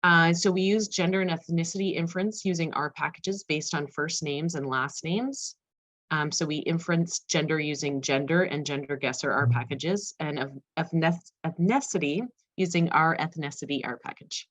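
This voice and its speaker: A woman panelist giving an academic research presentation, talking fast with frequent fillers. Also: low voice, fairly bright tone. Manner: fast-paced, self-aware of speed, frequent fillers. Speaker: conference panelist.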